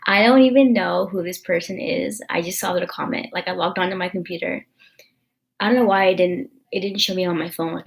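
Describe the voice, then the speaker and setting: A woman's voice: medium pitch, gravelly. A young woman vlogging in a rambling, emotional, confessional way, full of fillers. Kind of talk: casual confessional vlog chat.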